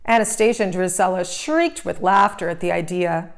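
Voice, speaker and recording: A woman narrating a children's storybook aloud, clear, gentle and expressive. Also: lowish voice, normal speed.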